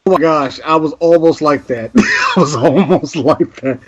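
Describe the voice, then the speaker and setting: A man joking through a casual podcast chat, teasing his friends and laughing. His voice sits a little high, and the recording sounds dull and lo-fi. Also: a little slow, breathy edge. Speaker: podcast host.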